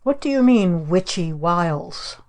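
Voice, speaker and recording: A woman's voice: lowish voice, expressive, measured pace, a little mellow. A woman voicing a fussy rich man who grumbles and protests indignantly. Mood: suspicious.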